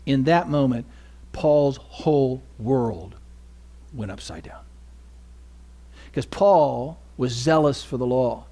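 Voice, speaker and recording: A man preaching from the pulpit in a sermon, his voice sitting a little high for a man. He swings between near-whispered asides and loud, climbing emphasis. He keeps asking his listeners questions and pausing for answers. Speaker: pastor. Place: church sanctuary.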